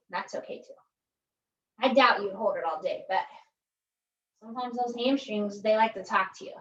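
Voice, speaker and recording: A woman's voice: fairly high pitch, normal speed, fairly bright tone. A woman instructing a pilates workout in a chatty, joking way, often tagging her cues with "right?". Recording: echoey room, distant mic, dull sound.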